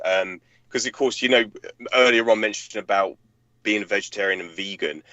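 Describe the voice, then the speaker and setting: Male co-host, halting and filler-heavy, keeps pushing his argument; dull, dry video-call sound. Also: lowish voice, sharp tone, no room sound. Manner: hesitant, filler-heavy, presses a point. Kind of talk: casual chat.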